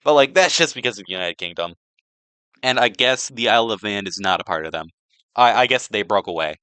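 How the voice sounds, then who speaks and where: A young man with a bright, crisp voice rambles through a joke slideshow, loading his talk with fillers and sarcastic asides. His pitch jumps around a lot. He is recorded close up on a dry mic. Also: expressive, a little fast, no room sound. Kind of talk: rambling comedic presentation.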